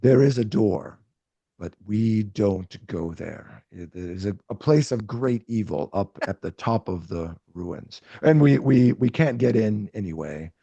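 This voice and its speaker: A man voicing a grave, cautious rat king in a tabletop game, speaking low and slow. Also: animated, vocal fry, dark tone, breathy edge, dry recording, muffled recording, exaggerated voice.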